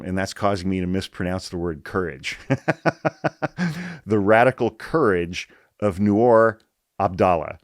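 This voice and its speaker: The low-voiced podcast host delivers political commentary while reading out an article, heated and blunt, with frequent swearing and repeated points. The recording is dry, with clean studio sound.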